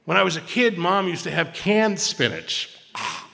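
Gravelly man rambling in a reverberant hall. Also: high-pitched, expressive, a little slow, pushed and bright. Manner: rambling, repeats words, self-mocking humor. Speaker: speaker at a recovery meeting. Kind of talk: casual sharing talk.

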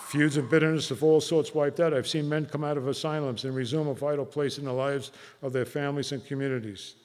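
A man's voice: fairly high pitch, fairly even intonation, darkish tone. Earnest man telling a recovery story. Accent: New Jersey. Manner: earnest, halting with many fillers. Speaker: recovery meeting speaker. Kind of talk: personal storytelling talk. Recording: long hall reverb.

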